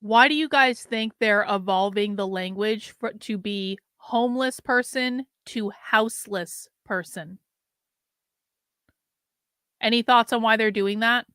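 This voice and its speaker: A woman hosting a livestream, talking back to her chat with a sarcastic edge and many quick restarts. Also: a little high, fairly bright tone, smooth, dry recording. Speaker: show host. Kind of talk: livestream commentary.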